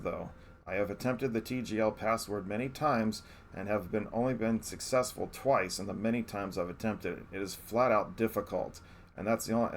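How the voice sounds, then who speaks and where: Reading his review of a favourite retro game during a live stream, this man sounds earnest and keeps restarting sentences. His voice is lowish, and there's a bit of hiss or hum.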